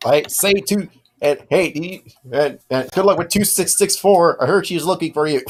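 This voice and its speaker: A man voices a chatty droid soldier in a chummy mood, pitching it fairly high, above his natural voice yet near an everyday sound. He talks at a moderate pace, with a little hiss or hum present.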